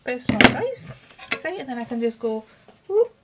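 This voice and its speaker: A woman's voice: on the high side, big pitch swings, fairly quick, background noise. A woman hosting a craft video, chatting and thinking aloud while she works. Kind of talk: casual craft narration.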